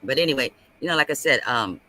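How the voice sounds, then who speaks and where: Bright-voiced man ranting on a live stream. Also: mid-range voice, fast talker, rough recording. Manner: animated, repeats himself, ranting. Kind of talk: casual live stream chat.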